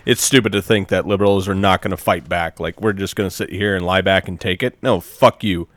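Male co-host, very low voice, blunt defiant swearing, dry close sound. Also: steady tone, brisk, a bit bright, dry recording. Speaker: podcast co-host. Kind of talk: casual political chat.

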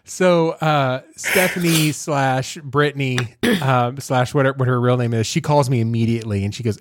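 A male podcast host telling a story in a casual way, animated, laughing and making joking asides. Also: medium pitch, moderate pace, few pauses, no room sound.

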